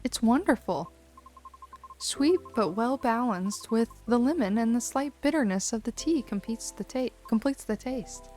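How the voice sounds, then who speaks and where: A woman's voice: on the high side, lively intonation, a little slow, dark tone, soft background music. A woman voicing a poised, courteous older woman from a cozy game. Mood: gracious.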